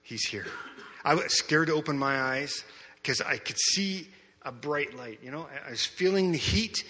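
A man preaching a sermon, telling a personal testimony in an animated storytelling way and acting out his own reactions. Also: a little high, normal speed. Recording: long hall reverb.

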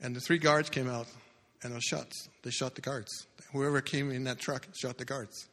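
Bright-voiced man preaching in a reverberant hall. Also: fairly even intonation, moderate pace. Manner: dramatic, swings from loud bursts to hushed low lines. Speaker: pastor. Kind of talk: sermon storytelling.

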